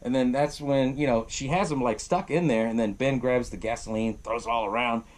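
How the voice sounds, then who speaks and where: A man's voice: medium pitch, fairly quick. A young man hosting a podcast, retelling a horror film in a rambling, profane way and acting out the characters' lines. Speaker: podcast host. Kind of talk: casual movie recap.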